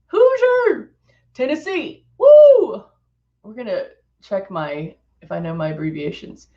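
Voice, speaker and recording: Chatty middle-aged woman, live makeup host, lively up-and-down voice, slightly dull lo-fi sound. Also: on the high side. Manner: chatty, laughs often, reads viewer comments aloud. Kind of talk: casual live makeup demo chat.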